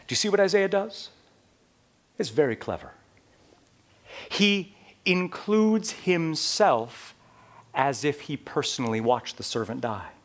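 Slow, emphatic male preacher. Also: a little high, lively intonation. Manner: slow, swings from quiet to loud emphatic preaching. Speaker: pastor. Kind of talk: sermon.

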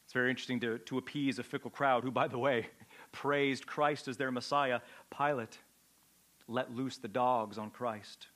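A man preaching a sermon with a dramatic delivery, swinging from loud outbursts to a hushed, low voice. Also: fairly even intonation, normal speed. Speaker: pastor.

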